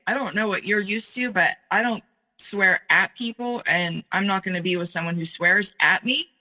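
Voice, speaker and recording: A middle-aged woman telling her own story in a halting way, with many fillers and pauses. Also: lowish voice, bright, forceful tone, rough recording. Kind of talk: personal storytelling.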